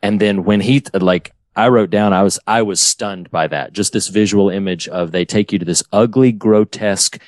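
A man's voice: on the low side, normal speed, few pauses, no room sound. A man hosting a casual film discussion, speaking earnestly and effusively, rambling as he describes how moved he was. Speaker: podcast host.

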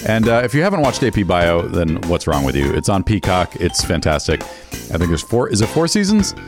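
A man with a low, sing-song voice co-hosts a podcast, delivering casual plugs a little quickly over music. He keeps it loose, laughing softly and fixing his own slips as he reads.

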